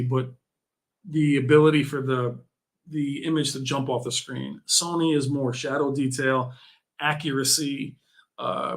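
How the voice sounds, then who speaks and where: Bright-voiced excitable male streamer. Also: mid-range voice. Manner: excitable, jokey, laughs often. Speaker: livestream host. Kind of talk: casual livestream chat.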